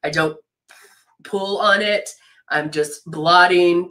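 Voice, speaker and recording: A woman's voice: on the low side, slow, a bit bright. A woman with a stuffed-up nose from a cold, hosting a live makeup tutorial in a chatty way, greeting viewers by name and laughing often. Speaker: brand educator hosting a live makeup demo.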